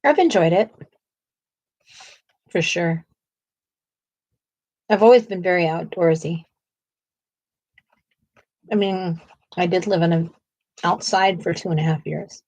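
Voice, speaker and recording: A woman's voice: fairly low pitch, takes it slowly, long pauses, darkish tone, no echo. A woman co-hosting a live coloring stream in casual chat, asking viewers questions and laughing often.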